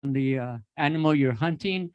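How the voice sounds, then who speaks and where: A man's voice: fairly high pitch, normal speed, clean tone, no room sound, lo-fi sound. A man from the Apache nation, emceeing a dance at an outdoor festival, friendly and teaching, getting the crowd to repeat words. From Apache nation, North America. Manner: friendly, teaching, gives the audience phrases to repeat.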